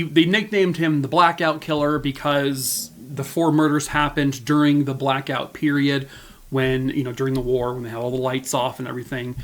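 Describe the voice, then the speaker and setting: A man's voice: fairly high pitch, a little hiss or hum. An American man hosting a true crime video, telling cases in a casual, rambling way with many fillers. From United States. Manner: rambling, lots of fillers and restarts.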